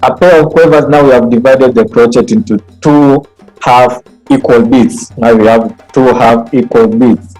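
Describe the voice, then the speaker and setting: A man leads an online training for music teachers, explaining note values step by step. He chants rhythm syllables to show each beat, in a voice of middling pitch, speaking into a computer mic. Faint music plays behind him. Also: steady tone, a little slow, darkish tone, low-quality recording. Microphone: computer mic on a video call.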